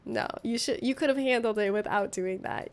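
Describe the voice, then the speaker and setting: A young woman streaming live and chatting casually as she reacts to posts and chat. She giggles often and slips into silly voices. Her voice sits a little high. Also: normal speed.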